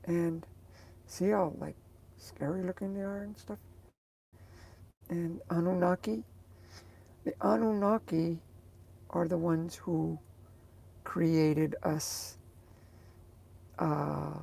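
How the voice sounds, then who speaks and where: A woman's voice: fairly low pitch, fairly even intonation, takes it slowly, gravelly, long pauses, mellow, slightly rough. A woman vlogger chatting casually to her viewers, rambling and hesitant as she searches for words.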